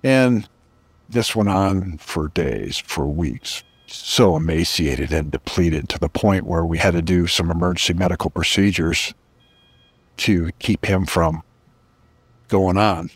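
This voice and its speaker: Deep husky-voiced man telling a personal story. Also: takes it slowly, no room sound. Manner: earnest, reflective, emphatic. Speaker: podcast guest.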